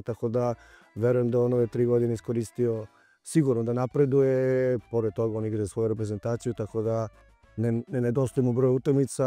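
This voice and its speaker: A male water polo coach with a very dark voice talks quickly in a flat, even tone. He answers carefully, repeating words as he thinks aloud. Faint music plays behind him. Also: medium pitch. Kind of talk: interview answers.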